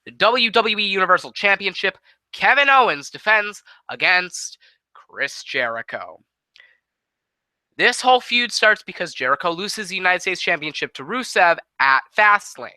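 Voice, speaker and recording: Bright-voiced man booking wrestling. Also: high voice, lively intonation, no room sound, rough recording. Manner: casual, quick, profane play-by-play. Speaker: host. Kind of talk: fantasy booking play-by-play.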